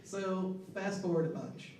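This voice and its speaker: A man in his thirties telling a personal story on stage in a relaxed, joking way, often laughing. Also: sits high, measured pace, crowd noise. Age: 30s. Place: stage at a live storytelling show. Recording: echoey hall, distant mic, faint noise.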